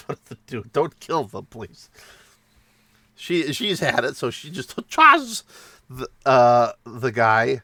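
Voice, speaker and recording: Brief: a man recapping a game night in a loose, self-mocking way, bright timbre, dead-dry mic. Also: medium pitch, very animated, slow pace, no echo. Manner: rambling, self-mocking, laughs while telling. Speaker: tabletop game player recounting a session. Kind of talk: casual storytelling.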